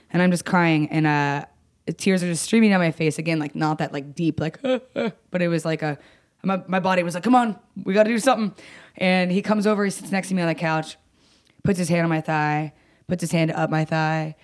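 A young woman telling a personal story in casual conversation, blunt and swearing, acting out quoted lines with jumps in pitch. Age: young adult. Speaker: guest.

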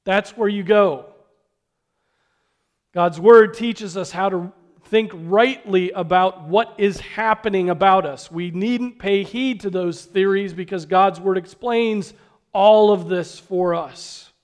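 Male preacher with a high voice, earnest sermon delivery, rhetorical questions, hushed emphasis. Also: takes it slowly. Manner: drops to a hush for emphasis.

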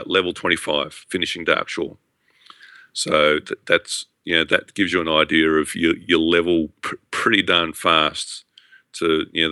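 A man's voice: very deep voice, pushed and bright. A man co-hosting a gaming podcast, talking in a rambling casual way with many restarts and fillers. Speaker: podcast co-host.

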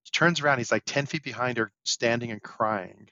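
A man in his fifties co-hosting a podcast, telling lively anecdotes in casual chat. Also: medium pitch, a little fast, no room sound. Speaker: podcast co-host. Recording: dull, dry lo-fi podcast mic.

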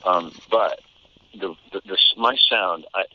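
A man's voice: deep voice, a little slow, a little hiss or hum. An American man, a voice actor, chatting and telling stories in an interview, laughing often and restarting his sentences. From United States. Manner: animated storyteller, laughs often, frequent restarts. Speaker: voice actor guest. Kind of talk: casual interview chat. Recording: tinny phone-like line.

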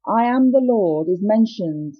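A woman's voice: mid-range voice, expressive, slightly rough, highs cut off. Hesitant woman giving a devotional talk. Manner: hesitant, with many ums and uhs, slow and emphatic on scripture. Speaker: Christian speaker sharing a devotional message.

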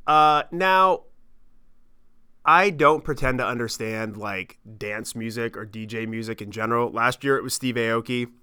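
A man in his thirties telling a travel story on his podcast, animated and rambling, with lots of swearing and fillers. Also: medium pitch, measured pace, clear, resonant tone. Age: 30s. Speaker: podcast host. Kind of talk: casual storytelling monologue.

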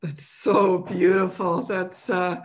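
A woman's voice: on the low side, little pitch movement, slow, slightly rough, low-quality recording. A woman from Canada hosting a casual faith chat, asking questions and laughing easily. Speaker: podcast host.

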